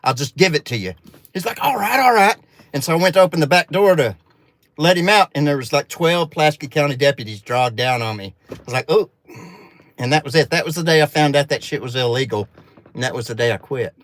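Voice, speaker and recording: A man's voice: medium pitch, quick pace, fairly bright tone. A man from Arkansas with a Southern accent, telling a rambling, profane story in a folksy, casual way.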